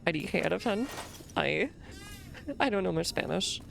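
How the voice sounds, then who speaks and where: A woman with a low, heavily gravelly voice gives rambling let's-play commentary while game music plays softly behind her. Her pitch swings widely as she questions herself out loud. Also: animated, normal speed. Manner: rambling, self-questioning, giggly asides. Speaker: gaming streamer.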